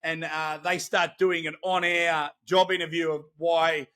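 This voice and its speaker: A middle-aged Australian man telling stories as a podcast guest, animated, loose and profane. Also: a little high, unhurried. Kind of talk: casual storytelling.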